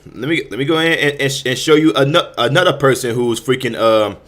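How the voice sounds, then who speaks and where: A male host speaks a little fast in a mid-range, somewhat bright voice. He rants heatedly, stammering, restarting and repeating words while swearing often.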